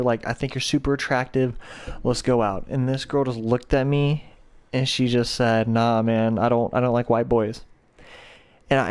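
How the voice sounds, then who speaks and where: A young man hosting a podcast, telling a rambling, profane story in a casual, slangy way. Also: medium pitch. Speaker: podcast host.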